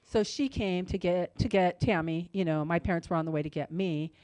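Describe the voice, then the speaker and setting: A woman co-hosting a radio talk show, telling a story in a casual, animated way with lots of "like" and "you know", and acting out the other people's voices. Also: brisk, dry recording. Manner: animated, acts out quoted voices with big pitch jumps.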